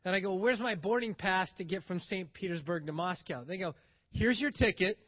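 Guy with a higher voice telling a story, acts out what people said, kinda muffled lo-fi sound. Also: brisk. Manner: animated storytelling, acts out other people's lines. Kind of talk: casual spoken anecdote.

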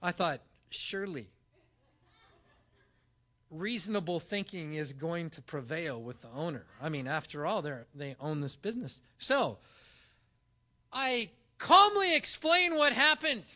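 Bright, high-voiced preacher man. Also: a little slow, pauses often. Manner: animated storytelling, acting out dialogue. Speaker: pastor. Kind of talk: sermon with personal story.

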